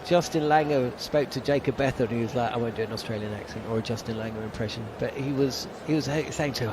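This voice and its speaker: A man commentating live on a cricket match for radio, describing each ball with wry, chatty asides. His voice sits in an ordinary middle register. A steady wash of outdoor and traffic noise runs under the broadcast. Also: mid-range voice, fast, few pauses.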